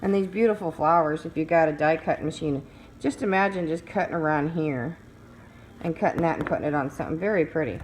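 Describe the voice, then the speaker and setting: Chatty woman with a low voice. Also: brisk, noisy background. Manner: chatty, rambling, cooing over cute designs. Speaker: craft seller. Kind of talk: casual show-and-tell.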